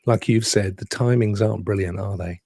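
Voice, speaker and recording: A chatty man co-hosting a live gaming show, his lowish voice gravelly with a fry at phrase ends. He swings his pitch freely as he talks, and the recording is dry and close with no room sound. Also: steady tone, fairly quick, mellow, no echo. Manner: chatty, laughing, rhetorical asides. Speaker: podcast co-host. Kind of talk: casual live stream chat.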